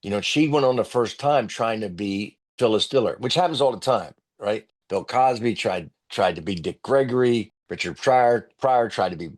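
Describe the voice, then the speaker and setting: A man, a comedian guest telling lively stories on a podcast and acting out other people's loud voices. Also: fairly low pitch, moderate pace, few pauses. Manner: animated storyteller, acts out loud voices of others. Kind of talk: storytelling podcast interview.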